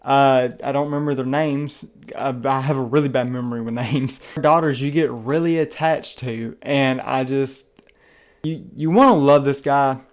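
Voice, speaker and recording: A man with a Southern accent talks through a film review, his voice sitting at an ordinary middle pitch. He sounds earnest and enthusiastic, and his casual, rambling delivery keeps restarting phrases as he hunts for the next thought. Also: steady tone, moderate pace. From Southern United States. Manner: rambling and chatty, restarts phrases, many fillers. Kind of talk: casual spoken movie review.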